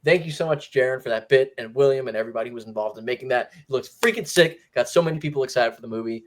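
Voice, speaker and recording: Animated male movie-review host. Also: medium pitch, rapid-fire. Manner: animated, jokey, slips into mock voices. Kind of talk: casual movie review chat.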